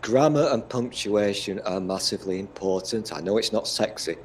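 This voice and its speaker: A man's voice: fairly low pitch, normal speed, a little hiss or hum. A British man in casual chat, swearing freely and bragging in a teasing, mock-boastful way. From Britain.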